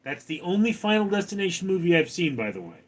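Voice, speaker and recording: A man hosting a casual livestream reads viewer comments aloud and answers them with wry jokes. He has a high-pitched, very animated voice and talks fast.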